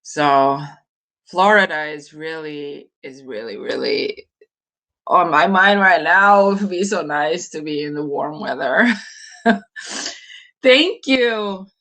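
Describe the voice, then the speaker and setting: A woman's voice: sits low, expressive, takes it slowly, long pauses, bright, forceful tone. A woman in her forties from Norway, chatting casually and hesitantly with live viewers, laughing often. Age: 40s. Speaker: livestream host.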